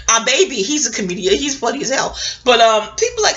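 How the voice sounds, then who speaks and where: Middle-aged woman, vlogger, very animated pitch, digressive, laughs a lot. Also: moderate pace, highs cut off. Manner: animated, digressive, laughs often, swears freely. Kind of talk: casual rambling commentary.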